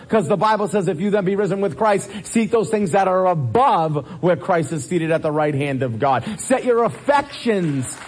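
A man preaching a sermon as a pastor, animated, with a husky voice. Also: high voice. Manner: animated, swings from loud questions to soft reassurance.

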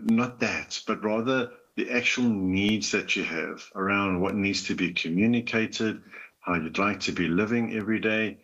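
Gentle low-voiced man giving advice. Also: dull audio. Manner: gentle, coaching, earnest. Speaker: relationship advice host. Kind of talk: call-in advice talk.

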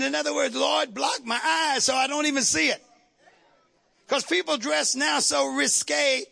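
A male pastor preaching a fervent sermon, shouting at times and calling on the congregation to respond. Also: very high voice, steady tone, normal speed, vocal fry.

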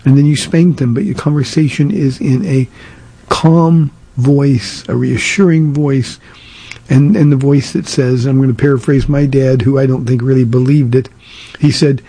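An older American pastor on his radio show, answering a listener's question in earnest, halting speech full of restarts. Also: medium pitch, fairly even intonation, warm tone, breathy edge, dry recording.

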